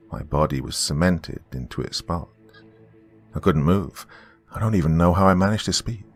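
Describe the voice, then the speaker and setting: A man hosting a horror podcast, narrating a first-person horror story in a slow, brooding way. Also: deep voice, lively intonation, faint music behind.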